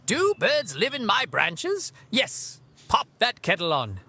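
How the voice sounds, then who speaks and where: A man's voice: high-pitched, wildly swooping pitch, takes it slowly, pushed and bright, breathy edge, pitched above the performer's own voice, full character voice. A man voicing a friendly, laid-back talking tree that gives playful, jokey replies.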